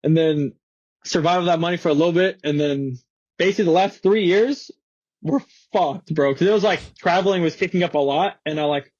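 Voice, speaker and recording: A man's voice: fairly high pitch, brisk, darkish tone, no room sound, highs cut off. A young man in his twenties, a guest skateboarder telling stories in casual, slangy, swearing chat in a podcast studio. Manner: slangy, swearing, laughing storyteller.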